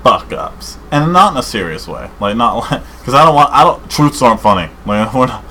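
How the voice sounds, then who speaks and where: A man co-hosting a podcast in casual chat, rambling and excited, saying dude and man a lot. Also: medium pitch, a little fast, slight background noise, low-quality recording. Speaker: podcast co-host.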